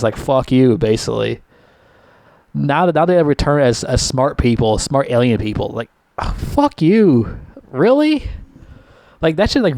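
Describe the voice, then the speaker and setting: A man's voice: medium pitch, darkish tone, no echo. A man giving a casual, profanity-laced rant reviewing a TV season, his voice jumping sharply upward when he gets annoyed. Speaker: TV show reviewer.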